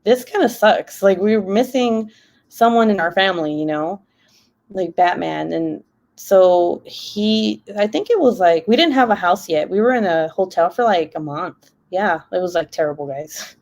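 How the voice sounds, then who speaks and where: A woman's voice: lowish voice, animated, normal speed, darkish tone. A young woman live streaming, telling a long story in a casual, rambling way while reading the comments. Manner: chatty, rambling, heavy use of "like".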